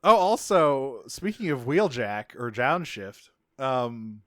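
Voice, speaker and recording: Smooth-voiced man in casual podcast chat. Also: medium pitch, sing-song, takes it slowly, dry recording, studio quality. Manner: profane and laughing. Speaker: podcast co-host.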